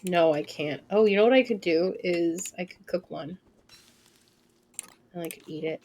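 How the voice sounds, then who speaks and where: Her voice is lowish and her pace moderate as this twenty-something streamer comments live on her game. She chats and reasons aloud, swears casually, and now and then bursts into excited squeals.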